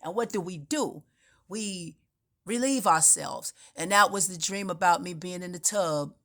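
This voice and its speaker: A woman's voice: fairly low pitch, measured pace, a bit bright. A woman giving an unscripted spiritual monologue, telling her story in a meandering, emphatic way with frequent restarts. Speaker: spiritual speaker.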